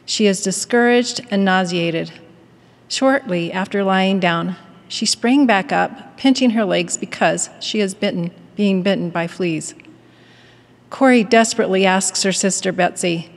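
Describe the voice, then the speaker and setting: A woman's voice: mid-range voice, gravelly. Earnest woman in a reverberant hall. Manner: measured, earnest, storytelling. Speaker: devotional speaker at a university. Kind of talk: prepared devotional address with a read-aloud story.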